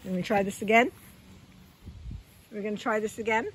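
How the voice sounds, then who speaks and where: A woman's voice: medium pitch, brisk, a little hiss or hum. A woman talking casually to her pet dog in a yard, coaxing it with sing-song calls and frequent laughter. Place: outdoors in a yard.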